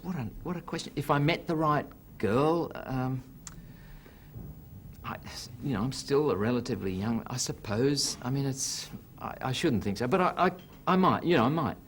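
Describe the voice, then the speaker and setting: Man playing a flustered husband, stammering, restarts, lively pitch. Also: normal speed, slight background noise, close to an everyday voice. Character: flustered young husband dodging questions.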